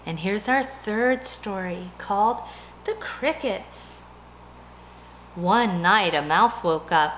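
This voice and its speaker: A woman reading a picture book aloud to a child in a gentle, expressive, sing-song way. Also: medium pitch, takes it slowly, slight background noise. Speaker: reader of a bedtime story.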